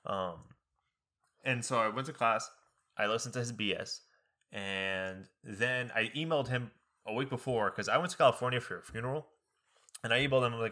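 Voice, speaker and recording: A man's voice: mid-range voice, a little fast. A young adult man telling a story in casual podcast chat, acting out the people he quotes. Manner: animated, acts out the people he quotes. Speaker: podcast co-host.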